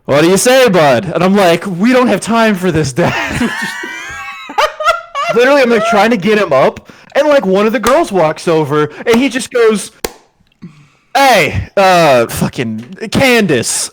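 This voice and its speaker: A young man hosting a podcast, telling a story in casual chat, animated and swearing freely as he acts out the voices of the people in it. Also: high-pitched, moderate pace, a little hiss or hum. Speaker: podcast host.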